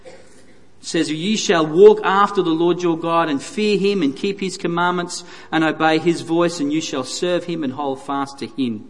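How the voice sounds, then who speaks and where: Man, sermon, high voice, earnest emphatic delivery, long hall reverb. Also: unhurried. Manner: earnest, emphatic preaching with repeated phrases. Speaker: preacher.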